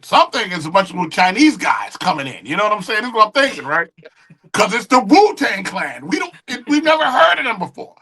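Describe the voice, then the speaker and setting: Man, middle-aged, bright and fairly high voice, animated storyteller, acts out quotes. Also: brisk. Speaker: guest, music engineer and producer. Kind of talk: casual interview storytelling.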